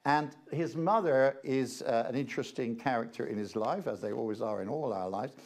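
A man's voice: mid-range voice, moderate pace, darkish tone. A man, a reverend and guest presenter, giving an informal slide-show lecture in a chatty, hesitant way with frequent fillers.

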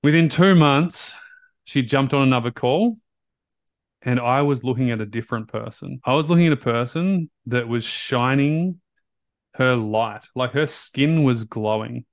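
A man hosting a podcast, telling a story in a casual, animated way, blunt and full of fillers and restarts. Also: medium pitch, a little slow, no room sound. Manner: blunt, outspoken. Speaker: podcast host, recovery coach.

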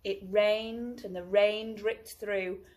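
A woman teacher reading a picture book aloud to children in an expressive, storytelling way. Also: medium pitch, takes it slowly.

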